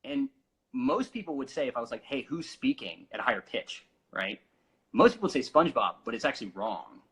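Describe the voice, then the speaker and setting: A young man coaching singing, explaining voice terms casually with many fillers and quick sung demonstrations. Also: medium pitch, very animated, fairly bright tone, husky, rough recording. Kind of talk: casual vocal instruction.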